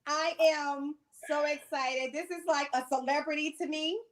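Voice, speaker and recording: High-voiced, gushing woman podcast host. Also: measured pace. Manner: gushing, excitable, upbeat. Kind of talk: casual podcast interview.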